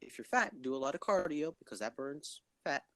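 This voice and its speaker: A man hosting a podcast in loud, rambling, stuttery casual chat, swearing often. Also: a little high, lively intonation, brisk, no echo. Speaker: podcast host.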